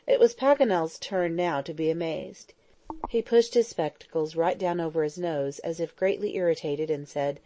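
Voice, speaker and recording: A woman reads a classic adventure novel aloud in a steady, measured way. Her voice sits a little low and sounds mellow and warm. The recording is close and completely dry. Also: no echo. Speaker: audiobook narrator. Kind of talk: scripted narration.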